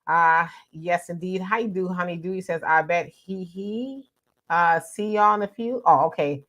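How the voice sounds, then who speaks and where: A woman hosting a livestream, greeting viewers by name and reading out their comments in a relaxed way. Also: lowish voice, moderate pace, lo-fi sound. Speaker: host.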